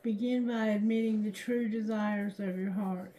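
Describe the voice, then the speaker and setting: A woman doing a tarot reading, reading card text aloud slowly and haltingly, correcting herself as she goes. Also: mid-range voice, steady tone, warm tone, slight background noise. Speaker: tarot reader. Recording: roomy echo.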